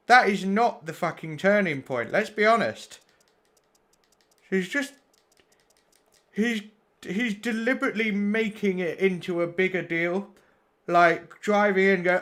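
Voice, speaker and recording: A man's voice: high voice, a little slow, pushed and bright. A man streaming sim racing, blunt and sweary as he talks through race replays and chats with his viewers. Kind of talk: live commentary on race replays.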